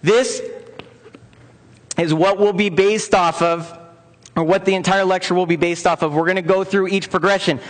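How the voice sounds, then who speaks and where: High-pitched and fairly even in intonation, this man talks at a normal speed with frequent pauses. He's leading an interactive lecture for personal trainers in a large conference room, staying upbeat and coaxing people into joining in, with long hall reverb throughout.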